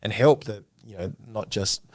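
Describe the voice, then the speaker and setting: A man hosting a podcast interview, speaking hesitantly with many pauses and restarts. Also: lowish voice, darkish tone, no echo. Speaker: podcast host.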